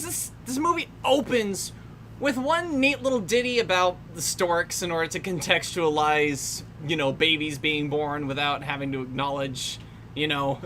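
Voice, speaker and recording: The fairly low, sharp-toned voice belongs to a young woman hosting casual film commentary with a wry edge. She often breaks into laughter and drifts off mid-sentence, and a little background noise can be heard.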